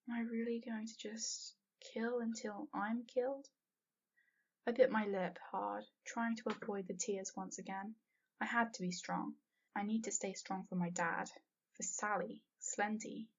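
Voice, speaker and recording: A woman reading a first-person fanfiction story aloud, earnest and sometimes dropping to a whisper. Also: mid-range voice. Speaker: fanfiction reader. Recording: dull lo-fi home recording.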